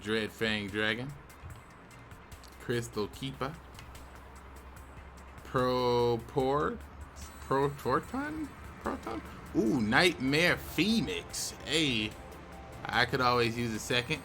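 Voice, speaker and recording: A young man with a bright, forceful voice talks slowly and casually as he opens game card packs, drawling his words. Faint music plays quietly behind him. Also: medium pitch. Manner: relaxed, chatty, with sudden excited outbursts. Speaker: YouTube host.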